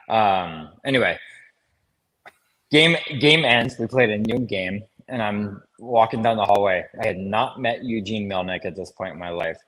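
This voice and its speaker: Husky laughing ex-player storyteller man. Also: on the low side. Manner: laughing storyteller, animated anecdotes. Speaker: co-host, former player. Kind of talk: casual sports chat.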